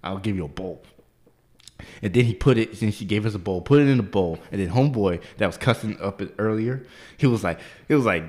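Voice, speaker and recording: A man co-hosting a podcast, telling a profane, animated story and leaping into high squeaky voices when he quotes people. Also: a little fast. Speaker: podcast co-host. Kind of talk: casual storytelling chat.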